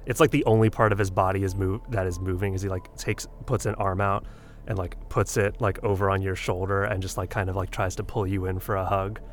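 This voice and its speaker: A man narrating his character in a tabletop game, halting and full of fillers. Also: low voice, fairly even intonation. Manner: slow, halting, filler-heavy. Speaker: player. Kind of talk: tabletop role-play narration.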